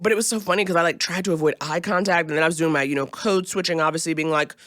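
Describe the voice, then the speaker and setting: A woman on a comedy podcast, spinning a story with lots of energy and acting out each person's voice as she goes. Her tone is bright and forward, and the studio sound is close and dry. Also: fairly low pitch, rapid-fire, dry recording. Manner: animated, acts out voices while telling a story. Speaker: podcast guest.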